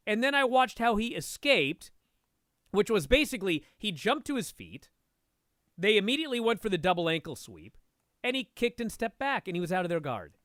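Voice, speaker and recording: A man talking as a guest and instructor, telling a story in a casual, animated way and swearing freely. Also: sits high, no room sound, studio quality. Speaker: podcast guest, martial arts instructor.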